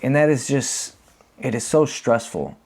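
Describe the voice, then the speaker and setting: A man's voice: mid-range voice, unhurried, slightly rough. Candid man telling his recovery story. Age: 30s. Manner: candid, animated when acting out quotes. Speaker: podcast host. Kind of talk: confessional storytelling.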